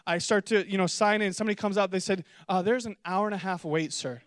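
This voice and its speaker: A young male pastor with a high, bright voice tells a comic story from the pulpit. His sound is close and dry, with no room echo. He shifts into excited, animated voices when he acts out what people said. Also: quick pace, smooth. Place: church auditorium with congregation.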